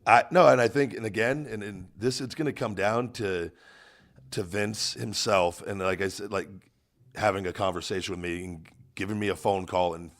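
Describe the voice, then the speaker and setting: Deep-voiced man in halting podcast talk. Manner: earnest, halting, many restarts. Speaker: podcast host. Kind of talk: casual podcast chat.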